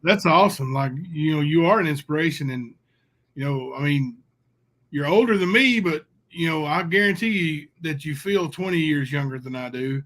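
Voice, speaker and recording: A man's voice: a little high, moderate pace, a bit bright. A man hosting a casual interview chat, easygoing and agreeable, with lots of fillers. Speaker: show host.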